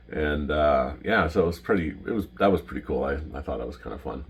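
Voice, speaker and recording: A middle-aged man with a Canadian accent talks in a casual, rambling way, full of ums and restarts. His voice sits very low and sounds husky. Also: quick pace, hardly any pauses. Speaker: retired pilot showing his patches. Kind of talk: casual storytelling to camera.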